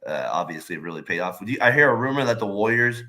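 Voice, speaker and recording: A man's voice: lowish voice, expressive, fast talker, pushed and bright. A man co-hosting a sports podcast in casual chat, rambling with lots of fillers and laughing often. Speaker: podcast co-host.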